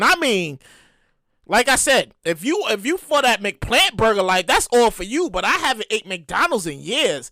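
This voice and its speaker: Animated, foul-mouthed woman podcast host. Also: on the high side, moderate pace, no room sound, clean studio sound. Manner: animated, profane, repeats herself and acts out quotes. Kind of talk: casual solo podcast commentary.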